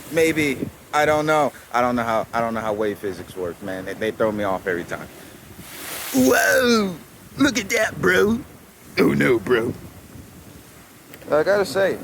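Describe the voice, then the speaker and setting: A young man vlogging casually on a rocky coastline, rambling and slangy as he films the waves on his phone. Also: medium pitch. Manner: rambling and laid-back, slangy with "bro" and "man". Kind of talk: casual chat to camera. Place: outdoors crouched on a rocky coastline by crashing waves. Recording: wind noise and loud surf.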